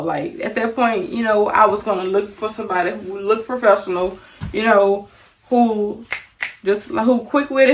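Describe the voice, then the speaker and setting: A young woman from Louisiana tells a casual storytime to her viewers, animated and chatty, calling them y'all. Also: medium pitch, far from the mic, rough recording. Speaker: vlogger.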